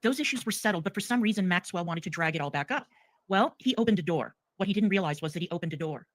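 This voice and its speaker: A speaker on a live stream making a measured, formal statement with emphatic repetition. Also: mid-range voice, lively intonation, no room sound.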